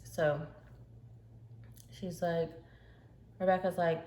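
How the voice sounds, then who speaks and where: Woman vlogger, lowish voice, chatty storytime narration, echoey room with faint hiss. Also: fairly even intonation, measured pace, pauses often, dark tone. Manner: casual, chatty narration with fillers. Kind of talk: storytime while eating on camera.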